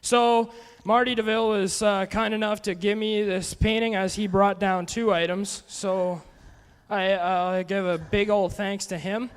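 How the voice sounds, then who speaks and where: A young man from Canada, an auctioneering student, calling bids in a rapid, repetitive auction chant. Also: sits high, steady tone, clear, resonant tone. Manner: rapid repetitive bid calling with short bursts.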